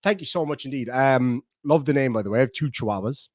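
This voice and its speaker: A middle-aged Irish livestream host chats casually through the live comments, rambling and cracking jokes. He speaks fast in a medium-pitched voice with a darkish tone, and the studio-quality audio has no echo.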